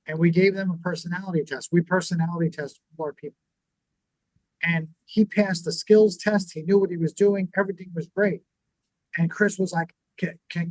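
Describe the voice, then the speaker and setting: Man telling stories with a higher, dry voice. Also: dry recording, low-quality recording. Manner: storytelling, acts out quoted dialogue, repeats words when restarting. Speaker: podcast co-host and business owner. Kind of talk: casual teaching chat on scripture and business.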